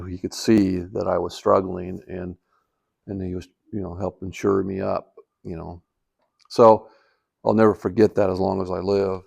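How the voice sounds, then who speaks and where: A retired older man with a low, gravelly, slightly mellow voice tells a personal story for his life-stories vlog, rambling casually with many fillers and restarts.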